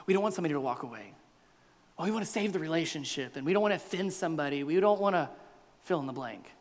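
A man preaching a sermon as pastor, animated, acting out the crowd and Jesus in quoted voices. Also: on the high side, rapid-fire. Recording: long hall reverb.

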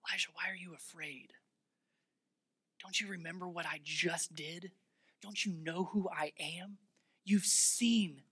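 A soft, gentle divine voice speaks in whispered role-play, as a preacher puts him on. The tender male voice of God asks slow questions in a hushed tone. The sound is dry and close, with no room around it. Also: medium pitch, fairly even intonation, breathy edge, no room sound.

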